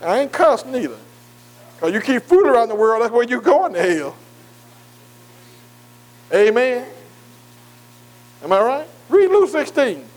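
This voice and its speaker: A man's voice: extremely high pitch, big pitch swings, a little slow, pauses often, rough recording. A man preaching a sermon in call-and-response style, emphatic and repetitive, often asking the congregation questions and stretching key words.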